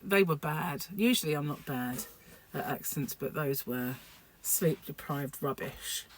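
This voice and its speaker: A woman's voice: low voice, measured pace, slight background noise. Tired, rambling woman vlogging. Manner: rambling, chatty, many fillers. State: sleep-deprived. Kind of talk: casual chat to camera.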